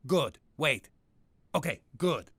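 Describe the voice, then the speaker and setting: A man's voice: a little high, sing-song, takes it slowly, background noise, full character voice. A man voicing a hot-headed mobster father who spoils his daughter in a cartoon. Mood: gruff. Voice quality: gravelly and gruff. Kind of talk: cartoon voice acting.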